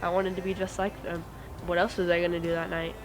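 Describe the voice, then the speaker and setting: A teenage girl giving an earnest, steady personal testimony as a student. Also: lowish voice, quick pace, rough recording. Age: teens. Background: music.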